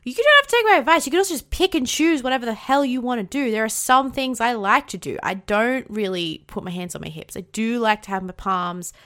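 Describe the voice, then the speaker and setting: A woman's voice: on the high side, expressive, fairly quick, hardly any pauses, a bit bright. Bubbly Australian woman with rising inflections. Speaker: podcast host. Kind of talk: casual solo podcast talk.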